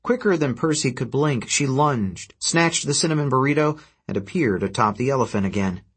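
A man narrating a fantasy adventure story in a steady, even storytelling manner. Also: medium pitch, normal speed, husky. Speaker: audiobook narrator. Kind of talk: scripted narration.

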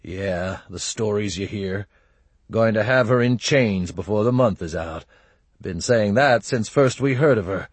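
A husky, world-weary army colonel, as a man reads him in a storybook reading, speaking plainly and with dry wit. The voice sits low, close and dry. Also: measured pace, no room sound. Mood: wary. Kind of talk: audiobook character voice.

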